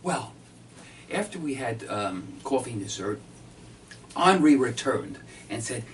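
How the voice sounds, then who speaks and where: Deadpan halting male storyteller. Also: mid-range voice. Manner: halting, deadpan delivery full of fillers. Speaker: magician. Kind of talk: comic storytelling performance. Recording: distant mic, faint background noise.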